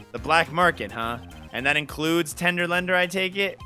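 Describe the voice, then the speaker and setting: A man's voice: a little high, lively intonation, normal speed, sharp tone, soft background music. A man reading video game dialogue aloud in a dry, slightly sardonic way for a let's play.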